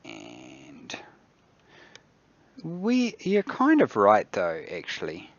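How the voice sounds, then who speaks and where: Gravelly, slow-talking New Zealand man. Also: on the low side, huge pitch swings, no echo, lo-fi sound. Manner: mutters to himself, thinks aloud while building. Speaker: game developer hosting a dev stream. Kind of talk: casual livestream commentary while demoing a game. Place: office.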